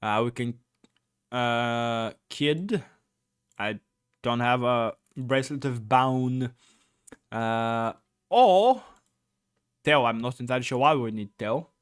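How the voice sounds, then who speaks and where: A man's voice: mid-range voice, takes it slowly, long pauses, smooth. A man playing through a gamebook, reading it aloud with rambling commentary, many fillers and blurted swearing. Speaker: gamebook let's-player.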